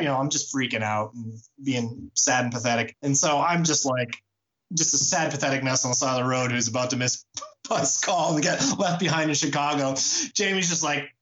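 A man, a touring musician, telling a personal anecdote in a casual, halting way with many fillers and restarts. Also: medium pitch, fairly bright tone, muffled recording. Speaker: musician sharing a memory.

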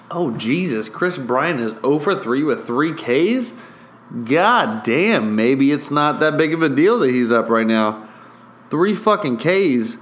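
A young man hosting a casual solo podcast, excitable and profane, rambling through mock play-by-play into a studio mic with a pop filter. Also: medium pitch, a little hiss or hum. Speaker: podcast host.

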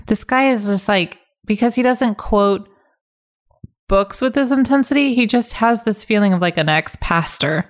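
A woman's voice: medium pitch, normal speed. A woman in a casual podcast chat, making sarcastic, exasperated comments on a show. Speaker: podcast co-host.

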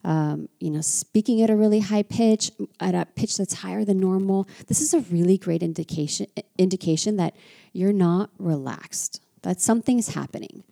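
A woman's voice: medium pitch, moderate pace, vocal fry, mellow. An American woman giving a chatty, reflective talk as a French culture teacher. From United States. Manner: chatty and reflective, with frequent asides. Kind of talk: casual teaching monologue.

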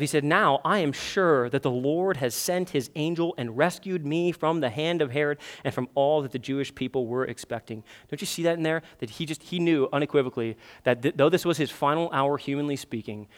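A man's voice: medium pitch, fairly quick, few pauses. A man in his thirties preaching a sermon in church, breaking into pleading, acted-out prayers with lots of energy. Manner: animated, acts out prayers in a pleading raised voice. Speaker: pastor. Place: church sanctuary.

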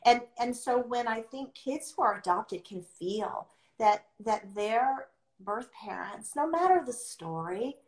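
A middle-aged woman, a podcast guest, talking earnestly and emphatically and repeating her key phrases. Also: mid-range voice. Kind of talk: heartfelt podcast conversation. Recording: echoey room.

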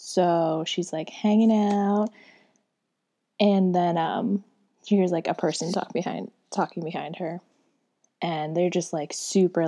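A woman's voice: on the low side, dark tone. A young woman casually talking about a short story she read, rambling with lots of fillers and dipping into whispers now and then. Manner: rambling, chatty, many fillers. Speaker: book reviewer. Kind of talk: casual book chat.

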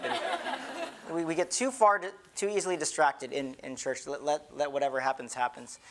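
A man's voice: medium pitch, expressive, fairly quick, a little hiss or hum. A middle-aged man, a pastor, giving an earnest, conversational sermon with many repeated restarts.

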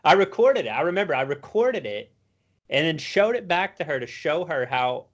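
A man co-hosting a casual podcast, swearing freely as he tells animated stories. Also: on the high side, normal speed, highs cut off. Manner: profane, animated storytelling. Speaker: podcast co-host. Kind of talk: casual chat.

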